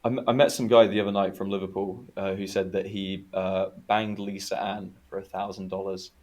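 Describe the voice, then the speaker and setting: A man's voice: deep voice, flat delivery, a little fast, darkish tone. A man co-hosting a casual podcast chat, laid-back and hesitant, swearing casually. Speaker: podcast co-host.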